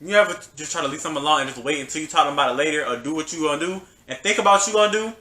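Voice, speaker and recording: Young guy doing a storytime vlog, high voice, slangy and animated, echoey room. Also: very fast. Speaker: vlogger.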